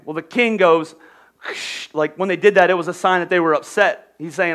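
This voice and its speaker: High-voiced man preaching casually. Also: a little fast. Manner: lively, conversational, self-correcting. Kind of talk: casual sermon storytelling.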